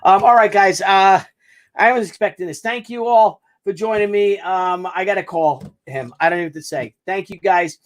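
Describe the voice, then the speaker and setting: High-voiced man chatting on camera. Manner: halting and effusive, with many restarts and fillers. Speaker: vlogger unboxing a gift. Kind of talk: casual unboxing video. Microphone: camera mic.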